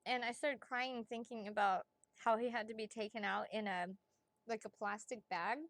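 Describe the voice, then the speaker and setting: A woman hosts a casual psychic-reading livestream, talking in a chatty, excitable way, laughing often and swearing without a second thought. Her voice sits on the higher side. The sound is close and dry, with no room echo. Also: normal speed. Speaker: psychic reader.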